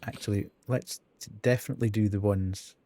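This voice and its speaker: A man's voice: fairly low pitch, steady tone, a little fast, creaky, mellow. A man streaming a video game live, thinking aloud as he counts and reads out menu options. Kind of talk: casual live gameplay commentary.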